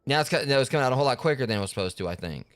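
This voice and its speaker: Fast-talking, frustrated male game streamer. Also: mid-range voice, lively intonation. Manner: frustrated, apologetic, talks to chat. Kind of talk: casual live gameplay commentary.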